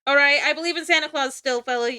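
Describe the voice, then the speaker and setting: A woman's voice: high voice, fast talker, bright, forceful tone, dry recording, studio quality. A young woman streaming from home, chatting casually with her chat, play-acting anger and laughing often. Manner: playful mock-angry banter with frequent laughs.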